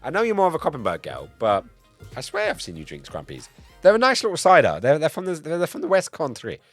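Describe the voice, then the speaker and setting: A man streaming live in casual chat, a bit tipsy, excitable and swearing, swinging between loud outbursts and low mumbles. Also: fast talker, no echo, soft background music. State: tipsy from cider.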